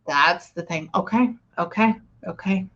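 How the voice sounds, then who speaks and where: A woman's voice: on the low side, unhurried, fairly bright tone, highs cut off. Casual woman medium relaying messages. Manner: casual, relays quotes, repeats "okay, cool" and "hang on". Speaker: psychic medium. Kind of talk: reading session.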